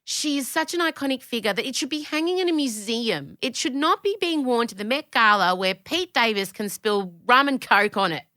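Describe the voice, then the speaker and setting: An Australian woman hosting a podcast, chatting in an animated, opinionated way, swearing freely and jumping between tangents. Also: on the high side, normal speed, few pauses, dry recording, clean studio sound. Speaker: podcast host; comedian. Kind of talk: casual podcast chat.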